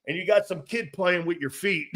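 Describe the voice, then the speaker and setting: A man's voice: high voice, normal speed, fairly bright tone. A man hosting a sports talk show, rambling and joking with frequent laughs, blunt and a bit profane.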